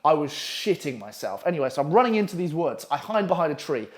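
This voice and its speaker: A young man telling a story casually, profane and animated with lots of fillers. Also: a little high, quick pace.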